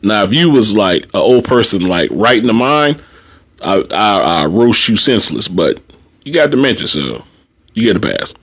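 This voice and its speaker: Animated, laughing man telling work stories. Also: fairly low pitch, husky. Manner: laughs often, animated, slangy. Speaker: nursing assistant. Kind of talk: casual livestream storytelling.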